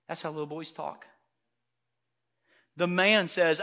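A man preaching a sermon emphatically and loudly, repeating words for emphasis. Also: medium pitch, a little fast, gravelly. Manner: emphatic, loud, repetitive preaching.

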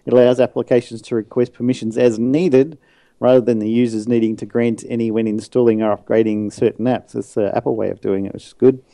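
Co-host, a man with a very dark tone who reads the news and slips in dry jokes. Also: medium pitch, steady tone, brisk, no echo. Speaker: podcast co-host. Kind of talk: reading tech news, casual chat.

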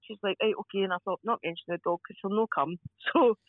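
A Scottish woman telling stories casually as a podcast guest, animated and laughing often as she acts out voices. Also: mid-range voice, quick pace, no room sound. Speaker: podcast guest, crime scene cleaner. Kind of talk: casual storytelling chat. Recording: dull lo-fi dry sound.

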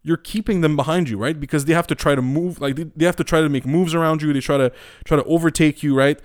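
A man's voice: a little high, fast talker, dry recording, studio quality. A young man hosting casual commentary, rambling, opinionated and profane. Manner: rambling, profane, many fillers and restarts; opinionated and animated. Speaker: podcast host.

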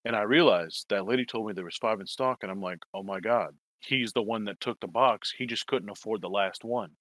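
A man's voice: fairly low pitch, brisk, a bit bright, no room sound. A man telling a long story in casual chat, swearing and rambling, acting out quoted lines. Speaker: toy collector telling a story.

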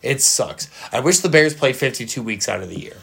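A man with an everyday mid-pitched voice banters on a casual sports podcast. He is playful, tosses in quick asides and laughs often. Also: expressive, gravelly, fairly bright tone, breathy edge. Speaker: podcast co-host.

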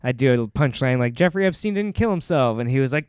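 A stand-up comedian rambles through stories from the road on a podcast, teasing himself and slipping into quick voices for the bits. His voice is smooth and clear, recorded close and dry with no room around it. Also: mid-range voice, expressive, a little mellow, no echo. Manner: rambling, self-mocking, acts out bits in voices. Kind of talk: casual podcast chat.

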